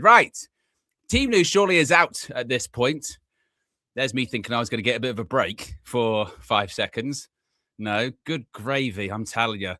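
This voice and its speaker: A man hosting a live football watchalong, chatty and excitable, laughing often as he runs through team news. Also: mid-range voice, unhurried, no echo. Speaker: fan channel host.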